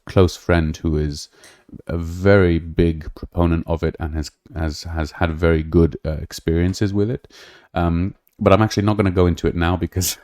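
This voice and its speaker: A man with a low, darkish voice hosts a podcast, rambling casually in livestream-style talk with many fillers and restarts. The sound is clean studio quality with no room sound.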